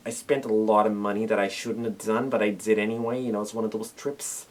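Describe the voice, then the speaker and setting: A young Canadian man who organizes conventions chats casually in a video diary, rambling with lots of fillers, his voice slightly worn. It sits on the low side with a steady tone and moderate pace, sounding pushed and bright, with a little hiss or hum in the recording.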